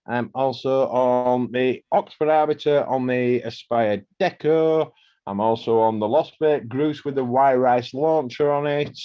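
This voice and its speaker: Male co-host, unhurried list-reader, muffled call audio. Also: medium pitch, fairly even intonation, clear, resonant tone. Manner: slow, listing gear with pauses. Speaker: podcast co-host. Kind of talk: casual group chat.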